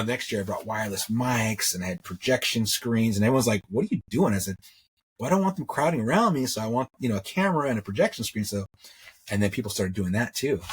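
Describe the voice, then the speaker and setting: A middle-aged jewelry maker and metalsmith, appearing as an interview guest, tells his story in a rambling, casual way. He repeats words and acts out what other people said. His voice is on the low side, with slight background noise.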